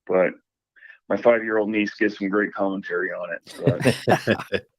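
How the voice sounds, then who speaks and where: A man's voice: fairly low pitch, steady tone, measured pace, no echo. A man telling a story in a casual, rambling way, full of restarts, heard over a tinny line. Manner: rambling, hesitant, with many restarts.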